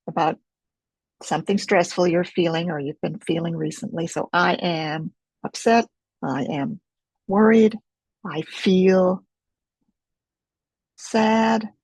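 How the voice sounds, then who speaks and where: Woman, webinar teacher, gentle and reflective, gravelly voice, dry close sound. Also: on the low side, no echo, rough recording. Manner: slow, gentle, reflective guidance. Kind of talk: guided self-help webinar.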